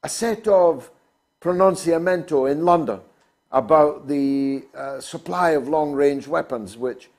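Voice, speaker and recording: Talk show host guy, a bit high, big rhetorical speechy delivery. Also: unhurried, darkish tone. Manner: emphatic, oratorical, rhetorical.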